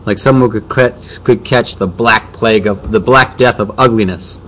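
A dry, sarcastic preteen boy from a storybook reading, voiced by a man. His jokes land flat and wry, with a low-key delivery. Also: normal speed, rough recording. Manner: dry, joking.

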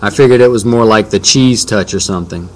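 A man's voice: on the low side, fairly quick, a little hiss or hum, natural voice, rough recording. A man voicing a wry preteen boy in a storybook reading, dry and joking in manner.

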